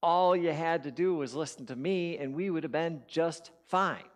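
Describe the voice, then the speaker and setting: A man voicing his own nagging male inner critic, scolding himself with rapid-fire questions. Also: on the high side, voice pushed up, lightly acted.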